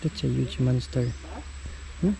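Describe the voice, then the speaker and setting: A woman's voice: rumbling low, a little slow, creaky, noisy background. A woman outdoors in a nature park, talking to a baby in a sing-song, coaxing way and pointing things out. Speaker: parent showing a baby around. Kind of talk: casual baby talk.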